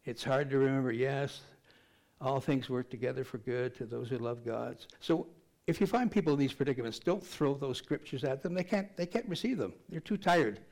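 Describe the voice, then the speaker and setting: A man's voice: mid-range voice, normal speed, a little mellow. An older man preaching a sermon to his congregation in a conversational, joking way. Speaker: pastor.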